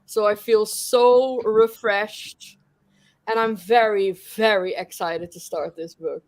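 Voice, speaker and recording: A woman's voice: mid-range voice, fairly even intonation, slow, darkish tone, no echo. Eager woman gushing on a video call. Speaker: co-host on a reading stream. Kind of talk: casual live-stream chat.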